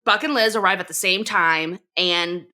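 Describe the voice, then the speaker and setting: A woman co-hosting a podcast, recapping an episode in an animated, laughing storytelling way. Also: fairly low pitch, moderate pace. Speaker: podcast co-host. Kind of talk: casual chat recapping a TV episode.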